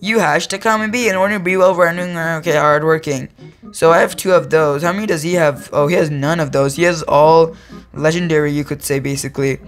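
A man's voice: a little high, fairly even intonation, a little fast, soft background music. A teenage boy giving casual, rambling commentary over his gameplay, often stopping to correct himself. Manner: rambling, self-correcting, easily amused. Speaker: gaming YouTuber.

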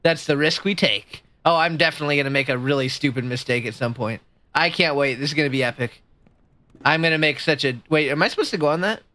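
Bright, bubbly woman streamer. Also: quick pace, no room sound. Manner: chatty, jumps into a high squeaky voice when excited or nervous. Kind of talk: casual gameplay commentary.

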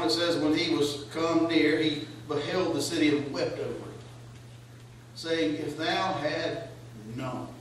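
High-voiced preacher in an echoey church. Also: male voice, slight background noise. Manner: preaching with rising, questioning cadence. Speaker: pastor. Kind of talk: sermon. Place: church sanctuary. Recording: echoey church hall, voice from far off.

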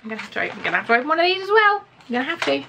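A woman with a British accent, chatting to camera as she unboxes gifts in an excitable, gushing way full of gasps. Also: high-pitched, very fast, vocal fry, noisy background. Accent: British English. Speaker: vlogger.

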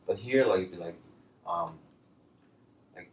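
A man teaching a casual language lesson, talking in a loose, chatty way with lots of fillers and lively bursts when he quotes phrases. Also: deep voice, measured pace, far from the mic, highs cut off. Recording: roomy, from off-mic, faint background noise.

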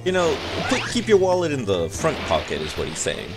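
Excitable young man streaming a game. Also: mid-range voice, brisk. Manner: joking, excitable, swears. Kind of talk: casual gameplay commentary. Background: game music.

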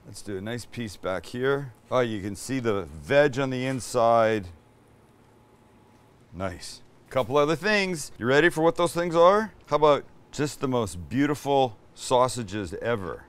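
A man's voice: medium pitch, lively intonation, a little slow, smooth. A man from Canada, hosting a casual cooking demonstration in a home kitchen. He talks chattily and enthusiastically and swears now and then. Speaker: cooking show host.

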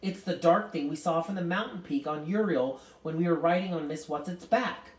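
A woman's voice: on the low side, slow pace, mellow, pitched above the performer's own voice. A woman voicing a small, passionate boy who cries out and demands answers. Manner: passionate, crying out. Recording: roomy, distant mic.

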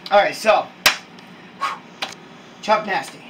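A man playing an excitable, loud-mouthed wrestling hype man who shouts and uses slang. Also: sits high, slow pace. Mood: hyped. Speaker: wrestling staff character. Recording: distant mic with hiss.

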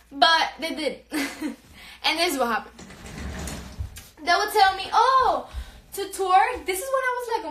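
High-pitched, profane young woman livestreaming. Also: pushed and bright, echoey room. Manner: profane, laughing, code-switching into Spanish. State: out of breath. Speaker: social media personality. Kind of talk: casual livestream storytelling. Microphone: phone.

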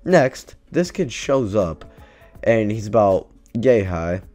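A man's voice: on the low side, sing-song, slow pace, darkish tone, soft background music. A man vlogger telling a story casually, swearing a lot and sounding exasperated. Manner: profane, exasperated, rambling.

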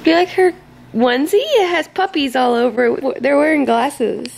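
Tired young mother, high soft voice. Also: lively intonation, normal speed, gravelly, slight background noise. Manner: soft, tired, cooing at a fussy baby. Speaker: vlogger and mother. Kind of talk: casual home vlog talking to a baby. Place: bedroom at home. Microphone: phone or camera close by.

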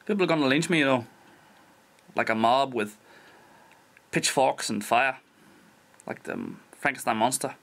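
A Dutch man doing a rough imitation of a Scottish accent, speaking as a cheerful young man. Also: mid-range voice, unhurried, long pauses, a bit bright. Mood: jokey.

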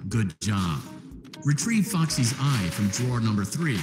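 A man voicing a calm male repair instructor in a video game, giving measured, formal instructions. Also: mid-range voice. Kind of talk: scripted game tutorial narration. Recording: roomy game audio with music.

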